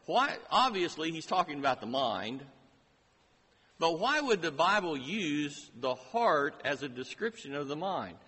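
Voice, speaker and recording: Slow, emphatic preacher in a reverberant hall. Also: male voice, a little high, big pitch swings, bright, forceful tone, slightly rough. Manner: slow, emphatic preaching with rising rhetorical questions. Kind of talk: sermon. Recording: long reverb of a large hall.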